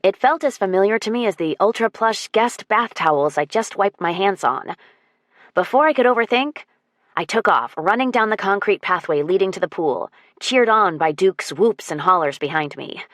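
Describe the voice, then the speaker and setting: A woman narrating a first-person romance audiobook with an expressive, wry delivery. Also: mid-range voice, no room sound, clean studio sound.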